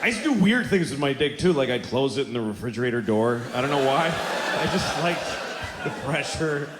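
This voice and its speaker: Lively, blunt man doing stand-up. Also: mid-range voice, fairly quick. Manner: animated, blunt, exaggerated storytelling. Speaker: stand-up comedian. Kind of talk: stand-up comedy set. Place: theater stage before a live audience. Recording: roomy hall with audience noise.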